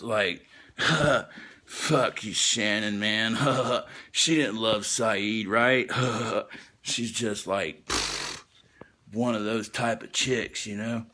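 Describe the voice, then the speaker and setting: A man's voice: on the low side, lively intonation, drawn-out words, pushed and bright. A man telling a rambling, profane comic recap in a laid-back way, with laughing asides. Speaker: storyteller.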